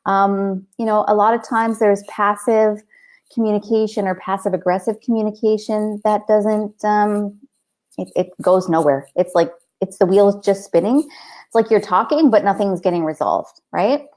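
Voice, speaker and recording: A woman's voice: medium pitch, moderate pace, darkish tone. A middle-aged woman hosting a live coaching show, talking casually and telling stories with many "like"s and "right?"s. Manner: chatty, storytelling, frequent "like" and "right?".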